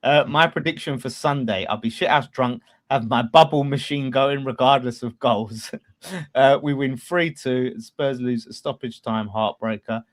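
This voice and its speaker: A man hosts a casual fan chat about football. He talks in an animated, blunt way and swears freely, swinging from loud bursts to quiet asides. His voice sits at an ordinary pitch. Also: measured pace. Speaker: fan channel host.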